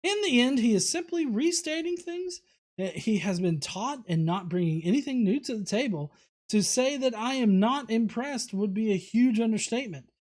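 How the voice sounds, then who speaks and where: A man's voice: very high-pitched, animated, moderate pace, darkish tone. Casual man reading viewer comments. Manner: casual, many fillers and restarts. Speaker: host.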